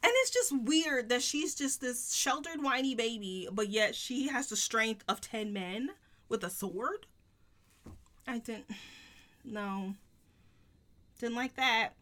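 Blunt, bright-voiced woman reviewer. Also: a little high, slow, long pauses. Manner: blunt, emphatic, swears freely. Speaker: book podcast co-host. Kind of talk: casual book review chat.

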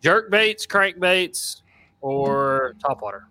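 A man's voice: a little high, animated, slow pace, sharp tone, no room sound. A man guesting on a casual fishing podcast, laid-back and joking. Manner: laid-back, laughing, jokey.

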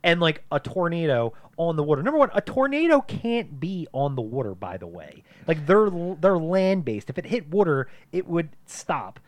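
A man's voice: fairly high pitch, very animated, moderate pace, hardly any pauses, no echo. A man co-hosting a casual podcast movie review, talking animatedly, swearing and acting out lines from the film. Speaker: podcast co-host.

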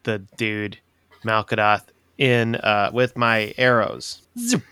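A man's voice: lowish voice, little pitch movement, takes it slowly, bright, forceful tone, smooth, no room sound. Man asking questions as a player. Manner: asks the game master questions, restarting his sentences. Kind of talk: casual tabletop play.

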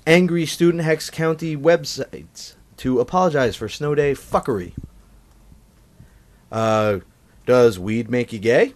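A man's voice: mid-range voice, a little slow, pauses often. A man hosting a comedy podcast, chatting loosely and crudely with his co-hosts. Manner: loose, profane, laughing. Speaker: podcast host.

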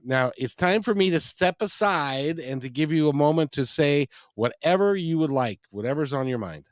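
A man's voice: on the high side, animated, normal speed, no room sound, clean studio sound. A man hosting an interview, speaking in an encouraging, praising way. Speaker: interview host.

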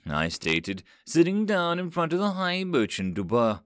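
A man narrating a science-fiction story in an expressive, dramatic reading style. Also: on the high side, a little slow, smooth, no echo, studio quality.

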